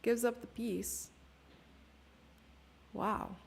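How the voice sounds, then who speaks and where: A woman's voice: fairly high pitch, steady tone, drawn-out words, creaky, breathy edge. A woman streamer giving chatty live chess commentary, thinking aloud and sometimes dropping into a whisper.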